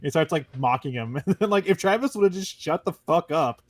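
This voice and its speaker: A man's voice: a little high, normal speed, dry recording. Laughing man hosting a chat, dry mic. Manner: laughs often, animated storytelling. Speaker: podcast host. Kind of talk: casual chat.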